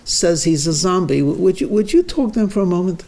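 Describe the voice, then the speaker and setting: A man's voice: high-pitched, lively intonation, vocal fry, mellow. A man doing a flustered stammering wife. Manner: stammering, hurried pleading. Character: flustered, worried young wife.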